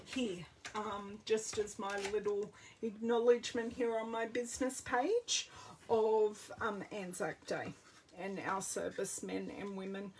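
A chatty Australian woman demonstrating card-making live, talking slowly and greeting her viewers as she works. Her voice is a little husky and somewhat high. She sounds set back from the microphone. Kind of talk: casual live craft demo. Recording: distant, off-mic sound.

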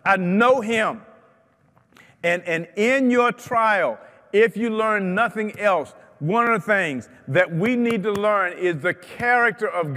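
Pastor, male, slightly high voice, slow deliberate fervent delivery, church reverb. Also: fairly bright tone. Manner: fervent preaching with repeated phrases. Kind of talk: sermon. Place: church sanctuary.

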